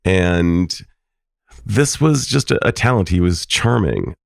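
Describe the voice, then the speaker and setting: A middle-aged man hosting a podcast, telling family stories in a lively way and laughing now and then. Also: low voice, takes it slowly, gravelly, no room sound, clean studio sound. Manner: warm, laughing storytelling. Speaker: podcast host, psychologist. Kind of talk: personal storytelling.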